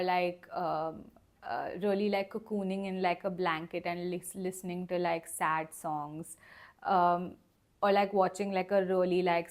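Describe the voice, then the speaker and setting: A young woman talks through a tarot reading in a soft, unhurried, rambling way. She fills her sentences with fillers and small laughs as she thinks aloud. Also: on the low side. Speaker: tarot reader. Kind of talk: casual spoken tarot reading.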